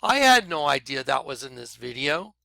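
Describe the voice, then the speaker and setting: A man vlogging excited commentary over videos he plays, talking emphatically and apologizing for rushing ahead. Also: mid-range voice, creaky, no echo. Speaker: video blogger.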